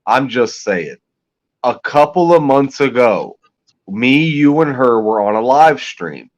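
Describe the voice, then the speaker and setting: A man's voice: medium pitch, sing-song, takes it slowly. A man chatting on a livestream, telling crude stories in a rambling, casual way. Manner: rambling, crude, drops into quoted voices. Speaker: livestream co-host.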